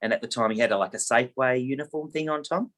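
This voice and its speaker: Lively real estate agent. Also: male voice, mid-range voice, fast talker. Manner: animated anecdote teller, lively, acts out quotes. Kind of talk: casual storytelling and coaching.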